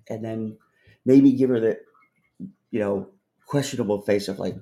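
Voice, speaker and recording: A man's voice: on the low side, little pitch movement, moderate pace, gravelly, dark tone. A man hosting a livestream, chatting casually with viewers in a rambling, profane way and laughing often. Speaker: livestream host.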